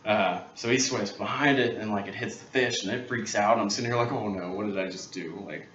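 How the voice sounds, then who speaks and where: A lowish male voice tells a fishing tale with lively, acted-out bits of dialogue. He sits back from the mic in an echoey workshop. The sound is a bit dull, with faint hiss underneath. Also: brisk, recorded from a distance. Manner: animated storyteller, acts out others' lines. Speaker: guest angler. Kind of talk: casual storytelling.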